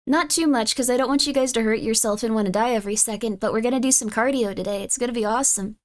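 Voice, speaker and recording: A woman talks fast on a live stream, rambling casually and answering chat with sudden high squeals and big pitch swings.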